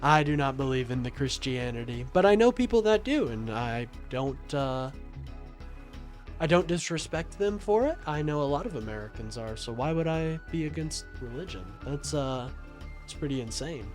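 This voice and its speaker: A man's voice: medium pitch, animated, moderate pace, soft background music. A young adult man hosting a livestream, reading chat and arguing back in a sarcastic, combative way, often calling people "my friend.". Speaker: livestream host taking calls and reading chat. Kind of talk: casual political livestream talk.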